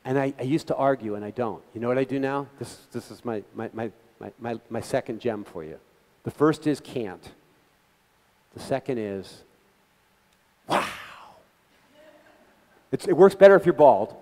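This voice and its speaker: This is a man at a mid pitch, addressing a community gathering as its guest speaker. He talks in an earnest, conversational way and often puts questions straight to his listeners. His voice carries the long reverb of a meeting hall. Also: expressive, normal speed, long pauses, darkish tone.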